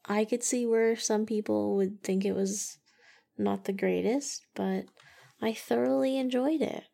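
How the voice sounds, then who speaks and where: A young woman chats about a film as a podcast co-host. Her voice has a marked gravelly fry, and her speech is loose and full of "like". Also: mid-range voice, fairly even intonation, measured pace, warm tone. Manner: chatty, heavy use of "like". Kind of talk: casual movie review chat.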